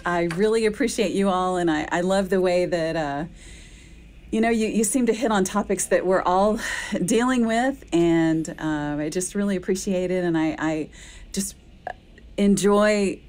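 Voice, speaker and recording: Woman, podcast guest, university dean, casual chat, warm, giggly. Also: fairly low pitch, normal speed. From Central Texas.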